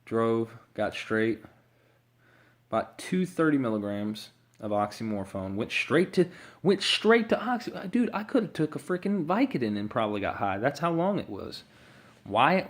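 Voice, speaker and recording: A man candidly telling his own addiction recovery story, rambling and swearing freely as he acts out what people said. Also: medium pitch.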